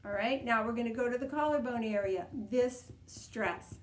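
A woman leading a guided tapping session, coaching calmly and repeating each step. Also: a little high, quick pace, a little hiss or hum. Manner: calm, repetitive, coaching tone. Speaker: EFT tapping practitioner. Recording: echoey room.

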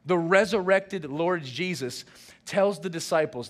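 A man, the senior pastor, preaching a sermon and acting out lively dialogue. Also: a little high, normal speed. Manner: animated preaching with acted-out dialogue.

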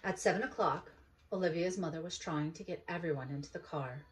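A woman, a mother, reading a children's storybook aloud in an expressive, unhurried way. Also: on the low side.

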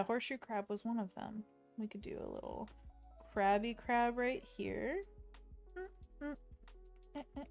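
A woman streaming her drawing, chatting playfully and reading viewer messages aloud. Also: a little high. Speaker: art streamer. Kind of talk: casual chat while drawing on stream.

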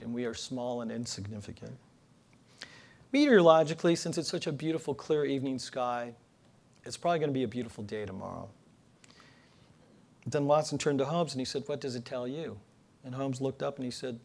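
A political cartoonist gives a public lecture to an audience in a lecture hall, telling jokes with dry storytelling and building each to its punchline. His mid-range voice is gravelly and darkish, fairly quick, with frequent pauses.

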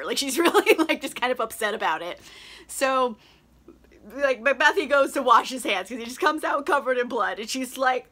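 A woman's voice: a little high, moderate pace, sharp tone. A young woman recapping a play in a casual, tipsy chat, giggling often and filling her talk with "like" as she mock-voices the characters. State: tipsy from wine. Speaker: book vlogger.

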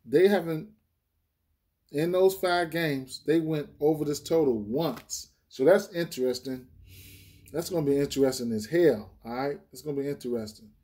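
A man's voice: fairly high pitch, warm tone. A man hosting a sports betting channel, casually breaking down picks, thinking aloud with lots of fillers and profanity. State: hiccuping.

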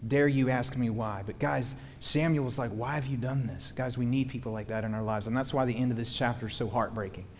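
A man preaching a sermon in a folksy, animated way, wandering off into stories. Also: medium pitch, fast talker, hardly any pauses. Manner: folksy, animated, digressive storytelling. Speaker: pastor. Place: church hall. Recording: long hall reverb, faint background noise.

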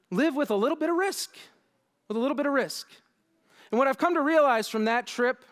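Young guy doing a keynote, high voice, acts out his own lines, self-deprecating and funny. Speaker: keynote speaker. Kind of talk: storytelling conference keynote. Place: conference hall.

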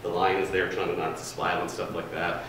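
A man's voice: deep voice, flat delivery, brisk, fairly bright tone. A man telling a folksy, rambling workplace story, then running a staff training session in a large meeting room. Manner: rambling, folksy, chatty with fillers. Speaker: food and beverage trainer. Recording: distant, very echoey room with faint noise.

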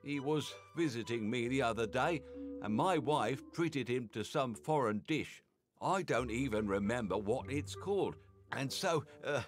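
A man's voice: mid-range voice, voice pushed up, lightly acted. A man voicing Sarunia, a dramatic village man who drags out his words for effect. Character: dramatic village man, old friend, sullen and pushy. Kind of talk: game voice acting.

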